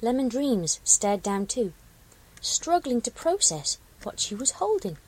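A woman with a slightly high, husky voice reads a story aloud with expressive, dramatic delivery. She is the regular reader and host of a storytelling show. Her narration builds tension through the reading. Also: unhurried, low-quality recording.

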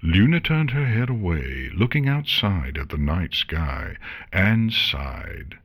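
A man narrating a fan story in an expressive storybook reading style. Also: sits low, slow pace, breathy edge, dry recording, clean studio sound.

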